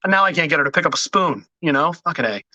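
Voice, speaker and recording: Bright, sharp-voiced joking male host. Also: a little high, lively intonation, fast, no echo, dull audio. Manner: self-deprecating, joking storyteller. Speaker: podcast host. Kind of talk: casual podcast chat.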